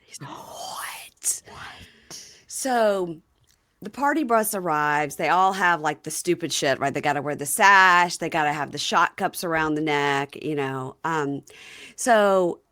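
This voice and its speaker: A woman hosting a podcast, casually recapping a reality TV episode and retelling scenes in an animated way. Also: deep voice, unhurried. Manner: chatty, animated retelling with quoted lines. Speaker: podcast host.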